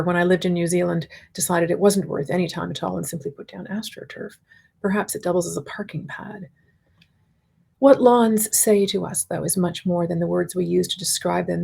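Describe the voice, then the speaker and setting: Gravelly low-voiced woman giving a keynote. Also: darkish tone. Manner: articulate, measured, builds points in spoken lists. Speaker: keynote speaker, university professor. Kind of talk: conference keynote lecture.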